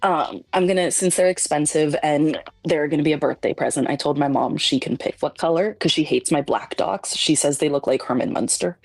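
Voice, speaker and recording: A woman joining a stream for a casual, relaxed chat, now and then swearing. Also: low-pitched, a little fast, no room sound, faint music behind. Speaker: guest co-streamer.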